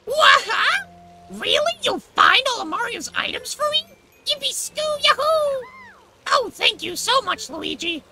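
A squeaky frightened mushroom-man. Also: measured pace, loud music behind the voice, heavily acted, poor audio. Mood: excited. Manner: fretful and excitable. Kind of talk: reading game dialogue aloud.

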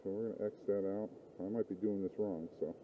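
A man's voice: on the low side, fairly even intonation, quick pace, slight background noise. A man narrating his fishing outdoors by a river, talking casually and rambling, swearing when things go wrong. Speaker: fishing vlogger. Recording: tinny lo-fi outdoor audio.

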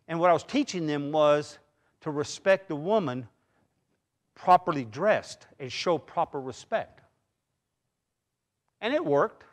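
Man, high voice, middle-aged pastor, conversational sermon, church. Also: animated, unhurried, long pauses. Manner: conversational preaching with personal anecdotes and restarts. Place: church sanctuary.

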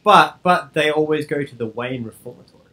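A man's voice: on the high side, brisk, pushed and bright. A man co-hosting a podcast in casual chat, joking crudely and laughing often. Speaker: podcast co-host.

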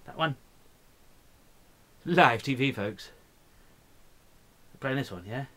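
A man's voice: medium pitch, animated, takes it slowly, fairly bright tone. Rambling, cursing man ranting on a vlog. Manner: profane, rambling, slurring and mumbling. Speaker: vlogger. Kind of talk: drunken rambling vlog rant.

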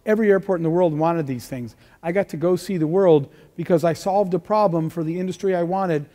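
A middle-aged man on stage telling stories with lively energy, punching up key lines and playing out the dialogue. His voice sits high for a man. The sound carries the long ring of a big hall. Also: a little fast. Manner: energetic storytelling, acts out dialogue, rising emphasis. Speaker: keynote speaker. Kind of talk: motivational talk with stories.

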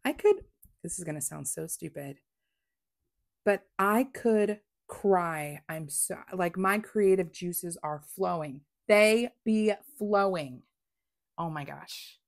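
A woman chatting through a craft unboxing, gushing with excitement and dropping to whispers. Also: on the low side, slow, gravelly. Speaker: crafting vlogger. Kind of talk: casual unboxing chat.

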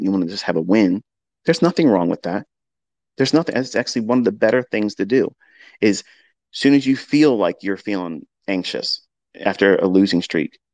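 A man's voice: lowish voice, a little mellow, no echo, muffled recording. A man who teaches trading, giving an earnest lecture on a live audio chat and often repeating his points. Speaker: trading educator.

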